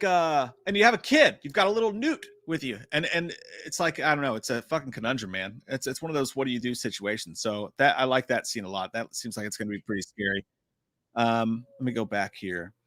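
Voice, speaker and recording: A man hosting a live stream, chatting casually and profanely about horror trailers with a joking, animated manner. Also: medium pitch, fairly quick, no echo, studio quality.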